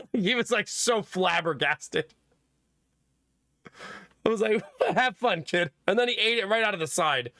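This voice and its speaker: Young man, high voice, bright, animated storyteller, laughs a lot, dry close mic. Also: unhurried, long pauses, dry recording. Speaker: streamer and father. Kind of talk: casual chat with stream viewers.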